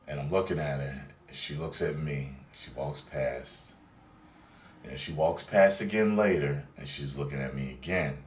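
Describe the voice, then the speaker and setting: A man's voice: extremely low pitch, fairly bright tone. A young man vlogging, telling a story in a laid-back, profane, chatty way. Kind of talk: casual storytelling. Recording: roomy sound, distant from mic.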